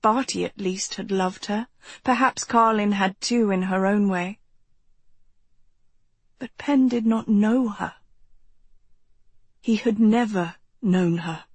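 A woman reading a novel aloud as an audiobook narrator, in a gentle, measured storytelling manner. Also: mid-range voice, husky, no room sound. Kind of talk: scripted narration.

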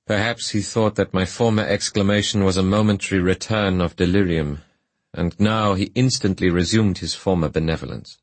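A man's voice: sits low, steady tone, normal speed, dry recording. A man reading a classic novel aloud as solemn, earnest first-person narration. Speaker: audiobook narrator.

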